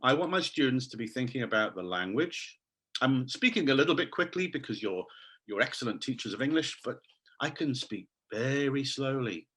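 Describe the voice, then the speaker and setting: A man leading an online teacher training session over a video call, enthusiastic and animated as he quizzes his audience. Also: medium pitch, normal speed, slightly rough. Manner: quizzes the audience, reads names from chat.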